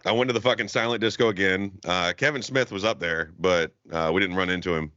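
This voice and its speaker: A young man tells a rowdy story on a podcast, swearing freely and laughing as he goes. His voice sits low yet comes across bright and forceful. The recording is dry and slightly dull. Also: fairly quick, dry recording. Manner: profane, laughing, rambling storyteller. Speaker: podcast co-host. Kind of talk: casual storytelling chat. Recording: dull lo-fi sound.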